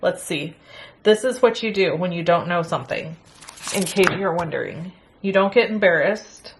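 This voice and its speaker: A middle-aged woman casually chatting through a crafting unboxing, excitable and gasping at pretty pieces. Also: on the low side, normal speed, a little hiss or hum. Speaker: crafting channel host.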